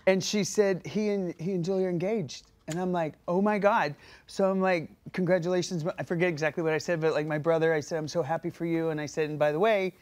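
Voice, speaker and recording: Casting note: woman guest on a TV talk set, heartfelt, quick to laugh, warm casual chat. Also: fairly low pitch, steady tone. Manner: warm, emotional, laughs often. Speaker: talk show guest, actress. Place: TV studio.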